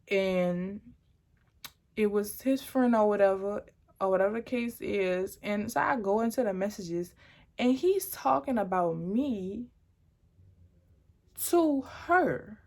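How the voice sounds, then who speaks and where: A woman's voice: mid-range voice, darkish tone. A young adult woman telling a personal story on her vlog in a chatty, rambling, dramatic way. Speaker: vlogger.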